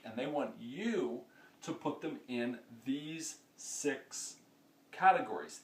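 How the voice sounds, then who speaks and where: A man teaching a lesson, explaining patiently step by step and often checking in with "okay?". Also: medium pitch. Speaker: Spanish teacher. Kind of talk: classroom-style lesson. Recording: echoey room, mic far off.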